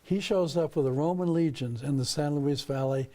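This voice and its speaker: Folksy older man, dark voice. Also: fairly high pitch, normal speed. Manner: folksy, joking storyteller. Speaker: history expert guest. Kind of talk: TV talk show interview.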